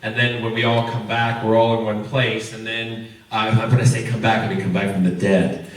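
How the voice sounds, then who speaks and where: A man's voice: fairly low pitch, normal speed, background noise. A man answering fan questions at a convention panel, telling stories and laughing often. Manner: animated storyteller, laughing often. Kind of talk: casual Q&A banter. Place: large convention hall. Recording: echoey hall from far off.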